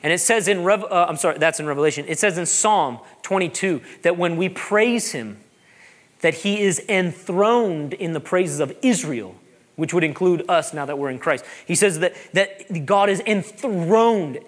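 A man, a pastor preaching a sermon, animated and joking, repeating phrases for emphasis. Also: sits high, moderate pace.

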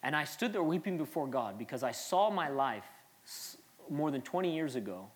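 A man's voice: fairly high pitch, very animated, normal speed. Earnest man preaching a conversational sermon. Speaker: pastor.

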